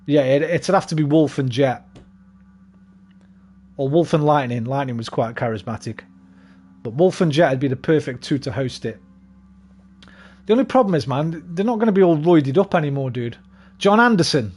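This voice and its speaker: Young guy rambling while gaming, husky voice, swears a lot. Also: medium pitch, moderate pace, long pauses, a little mellow. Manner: rambling, sweary, laid-back. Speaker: gaming streamer. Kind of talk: casual chat while gaming.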